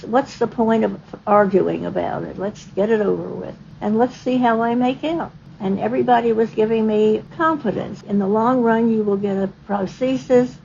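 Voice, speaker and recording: A woman in her nineties from the American South, soft-spoken with a gentle Southern twang, talking reflectively in a recorded interview. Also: on the high side, vocal fry. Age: 90s. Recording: dull lo-fi recording with faint noise.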